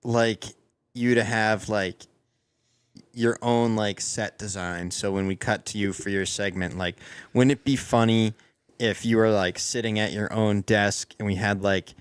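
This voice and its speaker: A man's voice: lowish voice, fairly even intonation, measured pace, smooth, no echo. A man co-hosting a podcast in casual chat, rambling and joking, often restarting his sentences. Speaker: podcast co-host.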